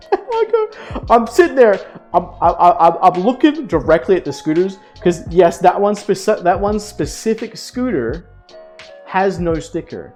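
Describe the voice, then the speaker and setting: A man's voice: high voice, a little slow. Young guy streamer ranting to chat, swears a lot, bouncy voice, bit of music under it. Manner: animated, laughing, swearing. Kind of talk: casual storytelling to chat.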